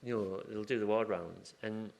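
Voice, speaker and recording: Speaking at a normal pace in a lowish, mellow voice with vocal fry and fairly even intonation, this man chats informally at a conference. He works as an acupuncturist with a hospital surgery team, takes questions from the floor, and acts out exchanges from the ward.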